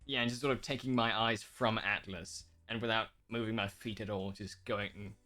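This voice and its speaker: A man voicing his character in a tabletop game with a low, measured, formal delivery. He sounds poised and unhurried. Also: fairly even intonation, bright, forceful tone, soft background music. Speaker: player.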